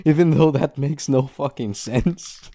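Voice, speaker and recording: Podcast dude, dark mellow voice, kinda chuckly, dry mic. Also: male voice, medium pitch, unhurried, no room sound. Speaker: podcast co-host. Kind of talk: casual podcast chat.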